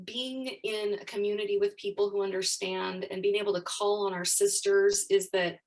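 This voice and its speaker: A woman's voice: mid-range voice, fairly even intonation, normal speed, few pauses, distant mic, poor audio. A woman life coach, a podcast guest, sharing her story openly and with emotion. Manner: open and emotional. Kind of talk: candid personal storytelling.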